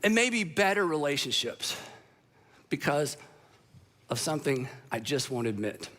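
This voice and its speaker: A man's voice: on the high side, sing-song, a little slow, a bit bright. A man preaching a sermon to a live audience, telling stories in a conversational way with self-deprecating humor. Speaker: pastor.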